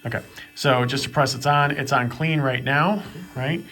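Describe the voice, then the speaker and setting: A man's voice: medium pitch, normal speed. Laid-back man reviewing a gadget. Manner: relaxed and conversational, with frequent fillers. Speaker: product reviewer. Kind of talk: casual product review.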